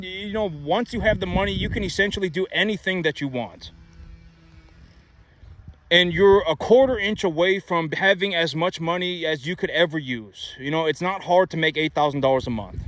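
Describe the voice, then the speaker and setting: A man's voice: high voice, fairly bright tone, dry recording. A man giving money advice in a casual, emphatic monologue, repeating himself and asking rhetorical questions. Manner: repetitive, emphatic, many rhetorical "right?" asides.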